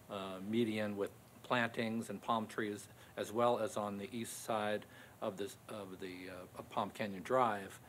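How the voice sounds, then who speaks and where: A man on a city commission asking a long question at a public meeting, slowly and carefully, searching for words. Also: fairly low pitch, fairly bright tone, a little hiss or hum.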